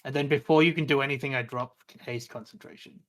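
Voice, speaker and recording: A man's voice: mid-range voice, fairly even intonation, quick pace, a bit bright. Guy player, average voice, plain matter-of-fact delivery. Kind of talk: playing a tabletop game.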